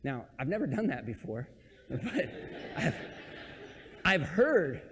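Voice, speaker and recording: A man with a fairly high voice preaches a relaxed, conversational sermon and jokes at his own expense. His voice rings out with a long reverb that trails through a church sanctuary. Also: slow, husky. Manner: casual, joking, self-deprecating.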